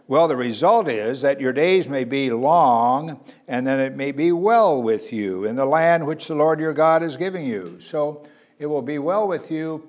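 A man preaching a sermon, earnest, swinging between loud emphasis and quiet asides, with frequent hesitations. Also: on the high side. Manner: earnest, varies loudness for emphasis, frequent uh fillers.

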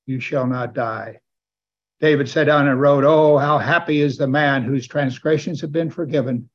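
A man preaching a sermon in a church, animated and building to exclamations and calls for amens. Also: medium pitch, moderate pace, lo-fi sound.

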